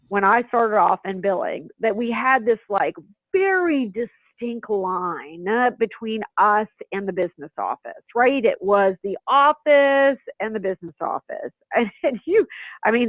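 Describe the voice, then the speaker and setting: A woman giving a webinar presentation on practice management, chatty and lively, acting out little scenes between schedulers and patients. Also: on the high side, dry recording. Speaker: healthcare practice management speaker. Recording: tinny phone-line audio, dry.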